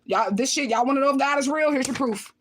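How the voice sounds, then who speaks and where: A woman's voice: high-pitched, quick pace, a bit bright, a little hiss or hum. A woman hosting her own channel, reading viewer comments and answering them in blunt, profane outbursts, often repeating her lines. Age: adult with children. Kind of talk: livestream chat.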